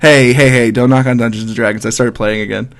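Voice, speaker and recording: A man's voice: mid-range voice, steady tone, fast. Laid-back male podcast co-host. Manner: laid-back, rambling with many "like"s, laughs often. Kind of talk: casual banter podcast.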